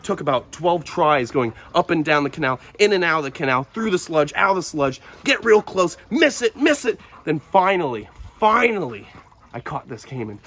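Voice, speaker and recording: A young man hosting a wildlife vlog, telling an excited outdoor story in an animated, breathless way, sometimes shouting at his dog. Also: fairly high pitch, normal speed. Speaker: wildlife vlogger.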